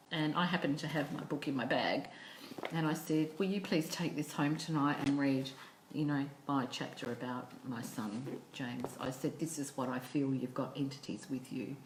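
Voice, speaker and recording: Casting note: middle-aged Australian woman, lower voice, storytelling monologue in an echoey room. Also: slight background noise. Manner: animated storyteller who acts out quoted speech with repeated restarts. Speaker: psychic medium.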